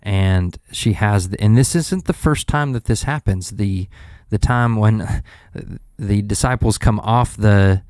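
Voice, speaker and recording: A man with a lowish voice co-hosting a faith podcast. He retells scenes with lots of energy and acts out the lines of the people in them. The recording is dry and close to the mic. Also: slow pace, few pauses, no room sound. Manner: animated storyteller, acts out scenes. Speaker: podcast co-host. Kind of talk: casual Bible study chat.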